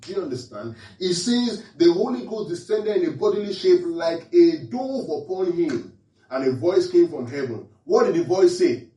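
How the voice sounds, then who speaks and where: Male preacher, fairly high and lively pitch, keeps checking if the room follows, recorded echoey and from a distance. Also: moderate pace. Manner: quizzes listeners with repeated questions, animated. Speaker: pastor. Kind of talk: interactive Bible teaching sermon.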